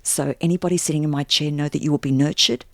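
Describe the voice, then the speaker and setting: Low gravelly Australian woman. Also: quick pace, no echo, clean studio sound. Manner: animated storyteller, jumps into acted quotes. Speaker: guest, stylist and make-up artist. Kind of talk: casual interview chat.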